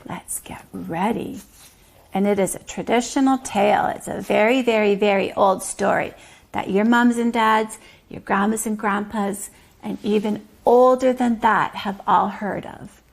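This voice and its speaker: A woman teacher reading a story aloud to toddlers, slow and gently explaining. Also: medium pitch, steady tone, vocal fry. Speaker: preschool teacher.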